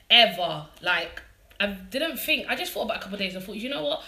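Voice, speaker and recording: A woman's voice: a little high, animated, fairly quick, pushed and bright, reverberant. A woman with a London accent hosting a casual live interview, chatty and bubbly. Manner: chatty and bubbly, laughs often. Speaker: host. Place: living room.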